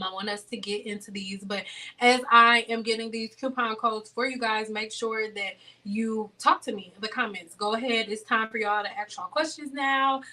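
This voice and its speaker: Bright and forceful, with a fairly high pitch, a woman hosts a beauty channel livestream from far off the mic. Blunt and preachy toward her viewers, she is fond of going over the same points again.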